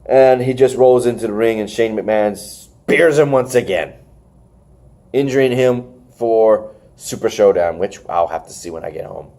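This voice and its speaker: A man hosting a casual wrestling review podcast, recapping matches with animated retellings and acted-out lines. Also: fairly low pitch, moderate pace. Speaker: podcast host.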